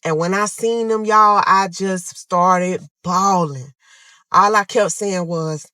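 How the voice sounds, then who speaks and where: A woman's voice: fairly low pitch, slow pace, no room sound. Young woman telling a dramatic story. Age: young adult. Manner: dramatic, addresses listeners as y'all, acts out her own pleas loudly. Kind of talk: emotional storytime monologue.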